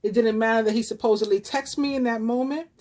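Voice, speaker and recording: A tarot reader, a woman in her fifties with a New York accent, talks quickly to her viewers about something personal. Her voice is on the high side, slightly mellow, with fairly even intonation. She meanders, filling gaps and starting over often.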